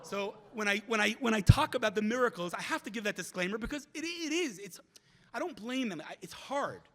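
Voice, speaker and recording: Lively high-voiced man giving a talk. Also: fairly quick. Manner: animated storyteller who acts out quoted voices; frequent restarts and repeated words. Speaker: guest speaker. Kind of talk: speech at a community event.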